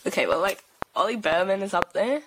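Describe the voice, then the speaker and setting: A young woman hosts a relaxed podcast, tumbling through her stories with eager energy and constant fillers. Her voice sits at an ordinary middle pitch. A steady hiss of noise and small clicks run under the recording. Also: fairly quick. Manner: excitable storyteller, rambling with lots of "like". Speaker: podcast host. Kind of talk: casual chat.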